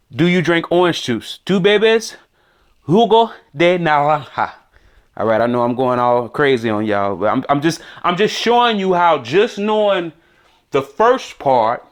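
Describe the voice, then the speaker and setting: A man teaching beginner Spanish words on a podcast, thinking aloud and repeating words for listeners to echo. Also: sits high. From United States. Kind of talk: casual spoken lesson.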